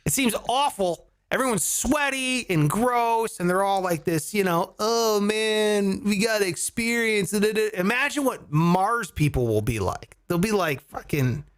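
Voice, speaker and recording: A man hosting a comedy podcast, chatting casually, swearing and joking with animated energy. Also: high-pitched, measured pace, few pauses. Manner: animated, swearing, mock voices for jokes.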